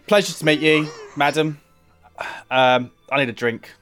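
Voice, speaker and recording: A man's voice: fairly high pitch, steady tone, unhurried, fairly bright tone, faint music behind. A man voicing a fuming, rattled male adventurer who talks bluntly and dismissively.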